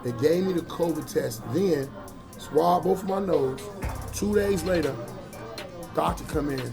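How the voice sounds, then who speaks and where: A man's voice: fairly high pitch, a little slow, creaky, music in the background. Profane, blunt storyteller man. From Chicago. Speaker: comedian, guest. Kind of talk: storytelling in an interview.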